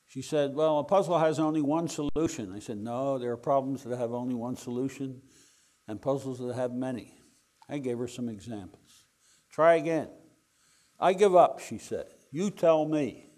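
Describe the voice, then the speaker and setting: An older man telling a wry, animated anecdote to an audience, acting out the dialogue as he goes. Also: mid-range voice. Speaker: speaker telling a story to an audience. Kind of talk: anecdotal storytelling talk.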